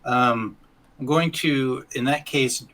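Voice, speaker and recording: A man's voice: mid-range voice, slow pace, fairly bright tone. A man playing a tabletop game, hesitant and thinking aloud as he declares his moves. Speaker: player.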